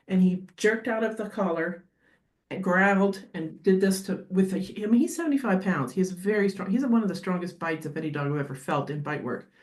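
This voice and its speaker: A woman guest on a podcast talking as a dog behaviorist, animated and quick to act out little scenes. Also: mid-range voice. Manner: animated, acts out dogs and owners in quick asides. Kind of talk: podcast interview conversation. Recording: roomy echo.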